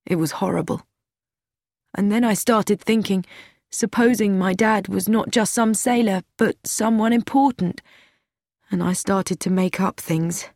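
A woman's voice: medium pitch, a little slow, darkish tone, dry recording, studio quality. A woman reading an audiobook, voicing a sad, anxious young man who pleads and pities himself. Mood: pleading. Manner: pleading, self-pitying.

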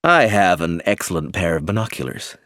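A man voicing a self-assured, teasing young man in a low, unhurried, wry tone. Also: very animated, a bit bright, dry recording, studio quality.

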